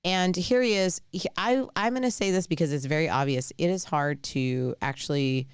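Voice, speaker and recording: A woman's voice: low voice, normal speed, clear, resonant tone, no echo, studio quality. A woman hosting a live commentary show, talking casually in a rambling, blunt and outspoken way. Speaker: host.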